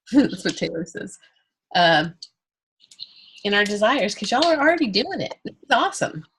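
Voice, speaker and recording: In an indoor classroom with a group, a Texan art instructor guides an art workshop and meditation, cheerful, encouraging and laughing often. She speaks with a medium-pitched, sing-song voice at a moderate pace over a noisy background.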